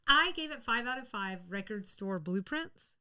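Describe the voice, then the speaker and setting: Chatty woman with a smooth voice. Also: fairly high pitch, animated, normal speed, pushed and bright. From the American South. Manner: chatty, laughs often, rambling restarts. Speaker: podcast co-host. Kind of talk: casual chat.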